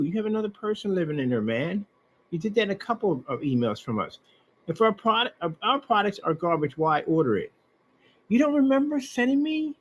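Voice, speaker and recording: A man with a husky, slightly high voice rants with biting sarcasm. He talks straight at his target and repeats words with scorn. His pitch swings wide as he mocks. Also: poor audio. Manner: mocking, sarcastic, with scornful repetition; talks straight at the person he is ranting about. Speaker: online seller ranting about a customer. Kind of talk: ranting commentary over emails and receipts.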